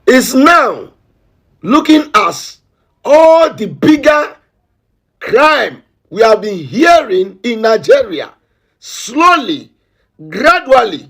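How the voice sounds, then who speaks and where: Husky high-voiced man, slow. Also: very animated, a bit bright, faint music behind. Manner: emphatic, repeats his warnings. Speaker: vlog host. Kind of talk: commentary.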